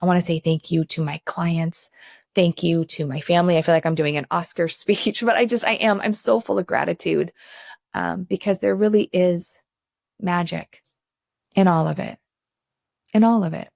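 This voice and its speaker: A woman's voice: fairly low pitch, steady tone, moderate pace, creaky, darkish tone, dry recording, clean studio sound. A woman in her fifties hosting her own show, speaking to camera without a script in an effusive, enthusiastic and grateful way, with conversational restarts. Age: 50s. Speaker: show host. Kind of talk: unscripted talk to camera.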